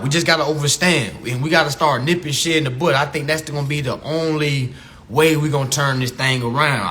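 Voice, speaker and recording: A medium-pitched man with a bright, forceful tone delivers an unscripted livestream rant from his phone. He curses, preaches, and keeps repeating points for emphasis.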